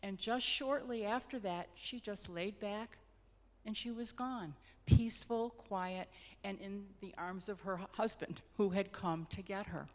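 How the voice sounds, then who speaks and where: A middle-aged woman tells personal stories in a gentle, reflective way, pausing and restarting as she goes. She is a hospice nurse with a voice of middle pitch. Her voice carries a long reverb, as if heard in a church hall. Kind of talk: personal storytelling talk.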